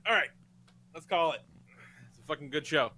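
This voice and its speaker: A man hosting a podcast in casual chat, animated and swearing freely. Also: on the high side, moderate pace. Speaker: podcast host.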